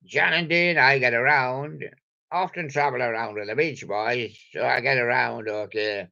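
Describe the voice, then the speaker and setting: A man's voice: mid-range voice, moderate pace, gravelly, sharp tone, dull audio. An older man rambling playfully to himself in a meandering solo monologue. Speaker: vlogger.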